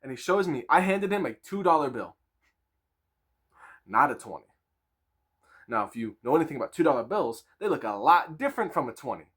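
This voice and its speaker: A man in his twenties telling a casual storytime with crude slang, animated and laughing. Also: mid-range voice, fairly quick, pauses often, breathy edge.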